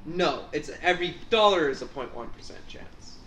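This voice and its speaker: A high-voiced man with a bright, forward tone, joking and laying out silly hypothetical questions for friends. His voice rings in an echoey room over a faint background hiss. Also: expressive, moderate pace. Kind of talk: casual group chat.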